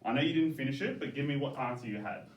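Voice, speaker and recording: A male teacher, giving classroom feedback in a coaxing, brisk way, often checking "okay?". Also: medium pitch, animated. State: out of breath. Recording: echoey classroom, from far off, faint background noise.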